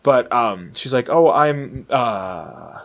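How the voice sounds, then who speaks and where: Lively man telling a story. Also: medium pitch, takes it slowly. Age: late 20s. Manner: animated, acts out quoted voices. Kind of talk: casual storytelling chat.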